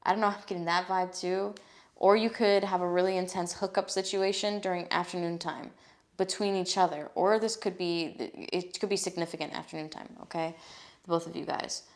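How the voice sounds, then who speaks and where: Brisk and lowish-voiced, a woman gives a live tarot reading with blunt, casual talk and plenty of free swearing. She reads the cards' messages aloud steadily.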